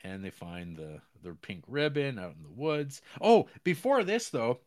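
A man co-hosting a podcast, recapping a series in a rambling, animated way with many fillers and squeaky put-on voices for characters. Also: unhurried. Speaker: podcast co-host. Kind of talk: casual film recap chat.

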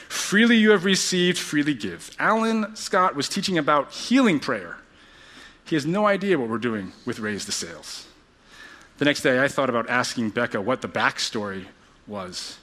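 A man preaching a sermon, telling a story earnestly and dropping to a hushed voice at tender moments. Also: mid-range voice. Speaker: pastor.

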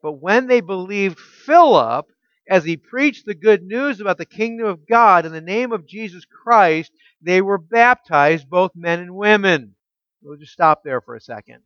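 High-voiced man preaching a teaching sermon. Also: expressive, fairly bright tone, dry recording, dull audio. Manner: asks the congregation rhetorical questions; reads scripture aloud slowly with emphasis. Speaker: pastor.

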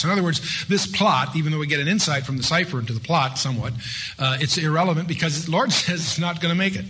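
A man's voice: on the high side, fast talker, bright, forceful tone, a little hiss or hum. A man leading an evening Bible study in a conversational way, reading scripture aloud with rising emphasis. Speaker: Bible teacher.

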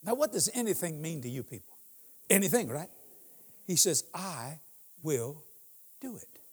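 A man's voice: a little high, sing-song, a little slow, husky, long reverb tail. A man in his sixties preaching as a guest in a church, telling humorous stories and laughing often. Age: 60s. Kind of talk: sermon.

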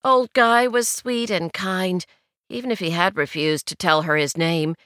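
A woman narrating a novel in a measured, wry storytelling manner, recorded on a studio mic. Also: on the low side, a bit bright, smooth, dry recording. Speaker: audiobook narrator. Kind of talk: scripted narration.

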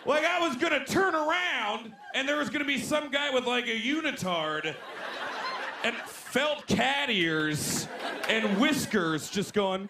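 A man in his twenties performs stand-up on a club stage, his voice high and swinging wildly up and down as he bounces into loud put-on voices. The live recording carries a laughing crowd and clear background noise. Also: lively intonation, measured pace. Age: 20s. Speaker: stand-up comedian. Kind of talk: stand-up set. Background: audience laughing.

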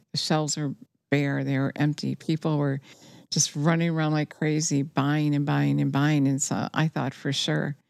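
A woman's voice: deep voice, a little mellow, dry recording, studio quality. A woman preaching a sermon, earnest and urgent, telling listeners what she says she has heard and urging them to act.

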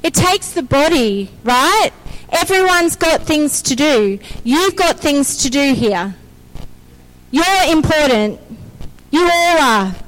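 A woman delivering a lively sermon in a very high voice. She takes her time over the words and keeps urging her listeners on. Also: slow pace, rough recording. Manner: energetic, exhorting, calls for amen. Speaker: preacher.

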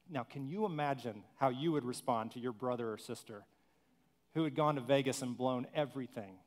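A male pastor preaching a conversational sermon, animated, with humorous asides and acted-out quotes. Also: medium pitch, fairly quick.

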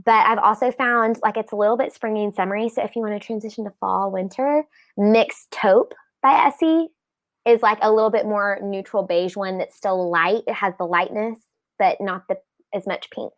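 A woman's voice: mid-range voice, normal speed, dry recording. A young woman, a podcast guest chatting in a bubbly way, full of "like" fillers. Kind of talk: casual podcast chat.

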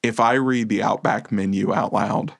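A man with a gravelly, fry-touched voice hosts a casual movie podcast chat. He rambles along in a relaxed, self-deprecating way. The sound is dry and close, with no room. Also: lowish voice, normal speed, no echo. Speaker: podcast co-host.

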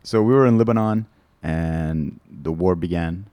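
A man, a comedian guest on a podcast, telling travel stories with quick laughs. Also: sits low, clear, resonant tone, no echo. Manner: animated, laughs often, acts out quotes. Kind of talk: casual chat. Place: studio. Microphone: studio mic.

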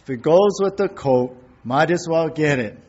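A man's voice: fairly high pitch, expressive, normal speed, darkish tone, husky, muffled recording. A man voicing an easygoing man in a golf locker room who agrees to everything. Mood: agreeable.

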